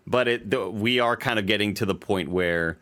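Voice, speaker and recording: A man's voice: on the low side, normal speed, fairly bright tone. A young adult man co-hosting a casual chat, recapping a TV episode in a rambling, profane way with many fillers and restarts. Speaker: podcast co-host.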